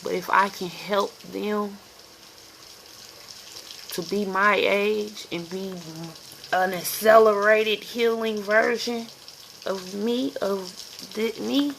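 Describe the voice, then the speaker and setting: A woman's voice: mid-range voice, gravelly, noisy background. A woman in her forties giving a candid, profane spiritual reading vlog as an intuitive card reader, often asking "you feel me.". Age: 40s.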